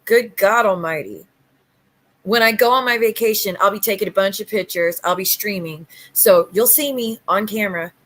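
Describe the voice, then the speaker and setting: Woman host on a livestream, blunt and sassy, casual chat, normal middle pitch. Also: fairly bright tone. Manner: blunt, sassy, quick retorts.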